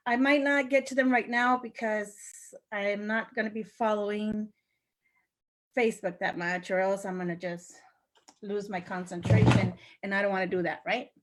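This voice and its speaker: Speaking at a normal speed with a steady, mid-range voice, an older sales representative chats through a story for her live-video audience, often laughing and performing her friends' lines.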